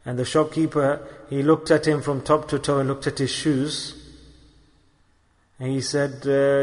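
A man's voice: medium pitch, flat delivery, measured pace. A man preaching a sermon, telling a story and restating phrases for emphasis. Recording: long hall reverb.

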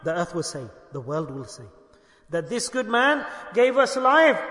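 A man preaching a sermon, impassioned, swinging between hushed and raised delivery, breaking into rapid chanted Quranic recitation. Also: high voice, sing-song. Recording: echoey hall with long reverb.

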